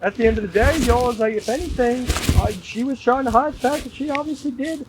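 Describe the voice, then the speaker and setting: A young man vents in a rambling, emphatic casual rant, with frequent short laughs. His voice sits high for a man. The recording carries clearly audible background noise. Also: fast talker, far from the mic. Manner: rambling, emphatic, laughs between phrases, repeats "y'all". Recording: noisy background.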